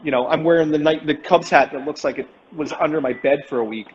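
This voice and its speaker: A man's voice: on the high side, fast, in a large hall, dull audio, background noise. A man hosting a casual chat over a video call, rambling with many fillers and restarts. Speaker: host.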